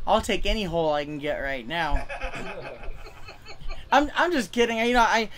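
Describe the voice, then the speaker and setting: Stammering self-deprecating young comic. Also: male voice, sits high, animated, moderate pace, a bit bright, a little hiss or hum. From California. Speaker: stand-up comic. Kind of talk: stand-up over video call. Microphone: video call.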